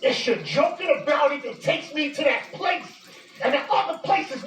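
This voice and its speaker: High-voiced woman in a heated rant. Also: animated, normal speed, slight background noise. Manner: heated, accusing, repeats insults, sometimes shouts. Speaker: vlogger addressing a public figure. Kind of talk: angry direct-to-camera rant. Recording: echoey room, distant mic.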